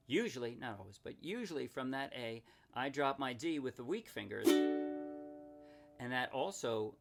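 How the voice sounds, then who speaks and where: A man explaining ukulele chords and strumming in a casual tutorial, chatty and often correcting himself with quick apologies. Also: medium pitch. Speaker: ukulele teacher. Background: ukulele playing.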